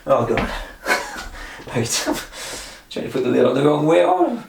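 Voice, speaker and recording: A vlogger doing a memory and pull-up challenge counts his reps out loud, breathless and chuckling at himself. His slightly high, gravelly voice swings hugely in pitch and moves slowly, in a roomy space with a noisy background.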